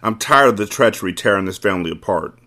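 A man reading as a calm, wounded crime boss. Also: on the low side, fast talker. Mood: resolute.

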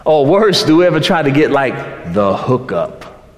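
A man preaching a sermon, building to shouts and slowing down for emphasis. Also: mid-range voice, big pitch swings. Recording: roomy hall with long reverb.

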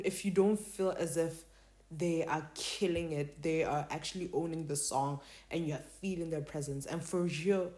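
Chatty young-sounding woman with a mellow voice. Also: lowish voice. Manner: chatty, rambling, slangy. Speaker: K-pop reviewer. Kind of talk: casual talk to camera.

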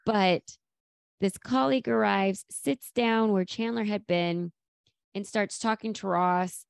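A woman's voice: mid-range voice, takes it slowly, vocal fry, clear, resonant tone, dry recording, clean studio sound. A woman co-hosting a podcast, chatting casually about a sitcom episode and acting out quoted lines. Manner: lively, acts out quoted lines with laughter. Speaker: podcast co-host.

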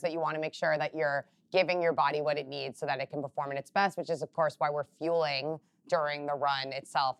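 A woman with a low voice hosts a live panel chat. She keeps it upbeat and conversational, steering guests with friendly questions. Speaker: host. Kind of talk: panel interview.

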